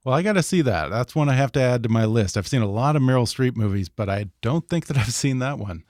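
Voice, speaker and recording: A man hosting a podcast, asking questions in a measured, curious tone and laughing along with his guest. His voice sits at a medium pitch, recorded close and dry. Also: expressive, a little mellow, dry recording. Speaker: podcast host.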